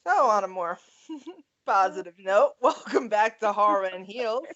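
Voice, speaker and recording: On a lo-fi recording, a New York podcast co-host, a middle-aged woman with a heavy Queens, Long Island accent, talks a little slowly in a mid-range voice. The casual chat is lively, with plenty of laughing and ranting.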